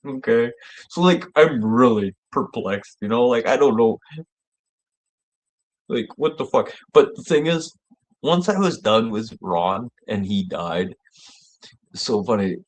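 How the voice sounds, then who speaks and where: Rambling, profane man. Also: a little slow. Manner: rambling and profane, laughing, voice jumping high when excited. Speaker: show host. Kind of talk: casual storytelling monologue.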